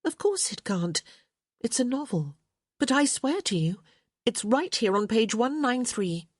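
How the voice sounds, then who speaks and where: A witty young lady with a wry, amused way of talking, voiced by a woman in an audiobook. Her lively pitch leaps about over a slightly breathy tone. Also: a little slow, dry recording, studio quality, exaggerated voice.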